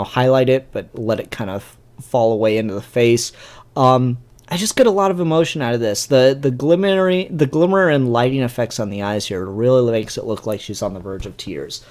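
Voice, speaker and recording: A man's voice: mid-range voice, a little mellow. A man casually reviewing a comic book, rambling with enthusiasm and an occasional swear, recorded on his camera mic. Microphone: camera mic, showing pages to camera.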